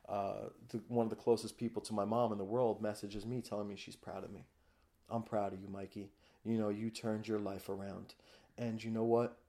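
A man's voice: fairly low pitch, a little mellow. A man guest on a podcast, telling a raw, emotional personal story in a candid way, with many fillers. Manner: raw, emotional, frequent fillers like "you know" and "like".

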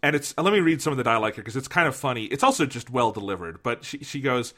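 A man talking in a loose, animated way, often breaking into laughter and playful quoted lines. His voice has a bright, forward edge. The talk is relaxed and conversational. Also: medium pitch, fast. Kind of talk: casual chat, film discussion.

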